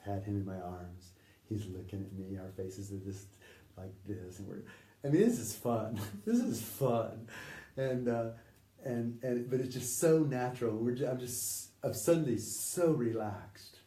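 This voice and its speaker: Man, interview guest, animated storyteller, roomy echo, faint noise behind. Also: medium pitch, unhurried, recorded from a distance. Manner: vivid, animated storytelling, often laughing. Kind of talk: recounting a personal story.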